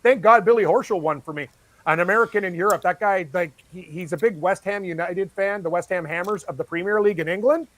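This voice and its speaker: High, excitable male betting analyst. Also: no echo. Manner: excitable, fast-rambling, laughs easily. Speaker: sports betting analyst guest. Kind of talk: casual chat.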